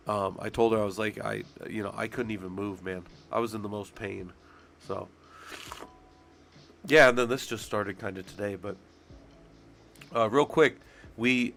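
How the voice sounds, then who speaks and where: Low gravelly congested male streamer. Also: steady tone, normal speed, a bit bright, slight background noise. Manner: profane, rambling, talks to chat. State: congested and sick. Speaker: streamer talking through job requirements. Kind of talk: casual live-stream chat.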